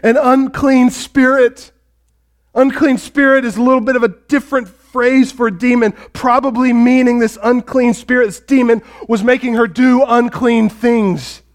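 A man's voice: very high voice, fairly even intonation, moderate pace. A male pastor preaching a sermon and retelling a story with drama, speaking directly to the congregation.

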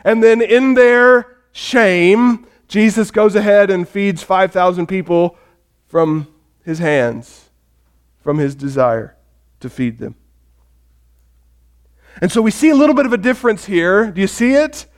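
Animated man preaching in a high voice. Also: measured pace, long pauses. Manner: animated, acts out quoted voices, shifts between loud emphasis and quiet; talks with the congregation, asks questions. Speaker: pastor. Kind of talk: sermon.

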